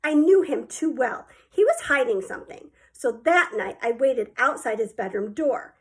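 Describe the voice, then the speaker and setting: High-voiced woman reading a children's story. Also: moderate pace. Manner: lively first-person storytelling. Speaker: audiobook reader. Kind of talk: storybook narration.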